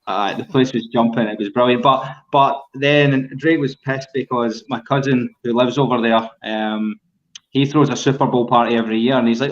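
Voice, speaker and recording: A man's voice: mid-range voice, moderate pace, lo-fi sound. Man telling a rambling story. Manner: rambling, relaxed, many ums. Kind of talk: casual storytelling chat.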